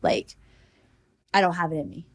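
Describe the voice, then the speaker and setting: A woman's voice: fairly low pitch, very animated, normal speed. A woman guest on a podcast, telling stories casually with many fillers and acting out her own thoughts. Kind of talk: casual conversational storytelling.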